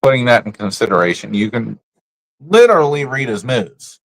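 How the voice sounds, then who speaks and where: A man's voice: mid-range voice, sing-song, normal speed, no echo, poor audio. A man streaming live, ranting bluntly about other creators in casual, profane slang. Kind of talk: casual livestream rant.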